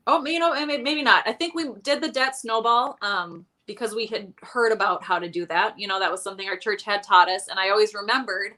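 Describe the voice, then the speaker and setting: A woman's voice: medium pitch, steady tone, fairly quick, few pauses, sharp tone. A woman guest in casual interview chat, telling her money story candidly with a self-deprecating streak and many fillers.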